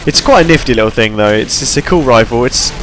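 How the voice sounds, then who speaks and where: A tired young man rambles through chatty, self-deprecating commentary over his gameplay, yawning between points. His mid-range voice is expressive, fast, and a bit bright.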